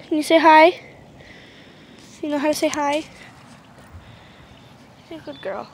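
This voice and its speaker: A woman's voice: high voice, steady tone, a little slow, pauses often. A young woman vlogging casually outdoors at a horse pasture, chatty and rambling, talking sweetly to her horses on a handheld camera. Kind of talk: casual vlog while doing chores. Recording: noisy outdoor recording.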